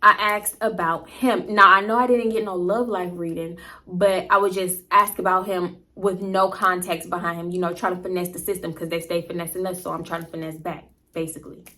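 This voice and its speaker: A woman vlogger telling a storytime tale, animated, slangy and profane. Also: fairly low pitch, brisk. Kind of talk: casual storytime.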